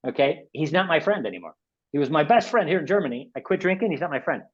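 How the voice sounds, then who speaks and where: A man's voice: on the high side, very animated, fast, slightly rough, dull audio. A man in his sixties from the United States presents a webinar in casual, rambling talk, often repeating and restarting words. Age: 60s.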